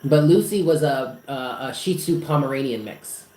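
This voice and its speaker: A man's voice: medium pitch, moderate pace, a little mellow. A man chatting casually on a live stream, rambling and emotional with many fillers, at home in his apartment. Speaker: psychic reader hosting a live stream. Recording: echoey room with faint noise.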